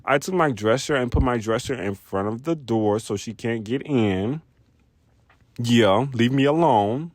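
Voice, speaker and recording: A young man telling a personal story in a casual vlog, rambling, animated and profane. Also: medium pitch, moderate pace, few pauses, no room sound. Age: young adult. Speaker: vlogger.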